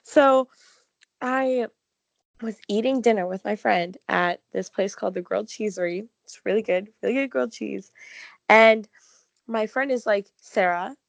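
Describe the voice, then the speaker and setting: A young woman co-hosting a casual chat, telling an excited, gushing story full of "like". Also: mid-range voice, a little slow, gravelly, no room sound. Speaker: podcast co-host.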